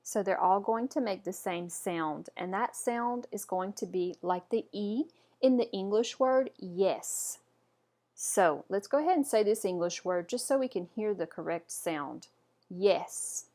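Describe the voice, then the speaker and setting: A French pronunciation teacher gives a patient instructional lesson at a steady medium pitch, indoors with the camera off. She pauses after each word for learners to repeat and calmly, clearly says things again.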